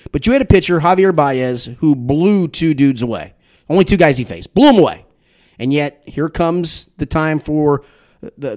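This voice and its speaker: Brief: American male podcast host, lively pitch, relaxed sports banter with a talkative, story-driven delivery. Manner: animated storyteller, repeats words when excited. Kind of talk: casual sports talk.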